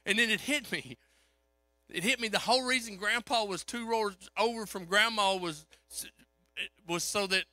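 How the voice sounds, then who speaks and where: A man preaches through a story in a folksy, animated way. His voice sits high and rings very bright and forceful. The sound is close and dry. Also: no echo. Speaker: pastor. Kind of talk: storytelling sermon.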